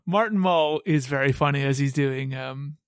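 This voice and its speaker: A man's voice: medium pitch, moderate pace, clean tone, no echo, studio quality. A man hosting a podcast, joking and laughing as he recaps an episode. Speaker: podcast host. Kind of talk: casual podcast chat.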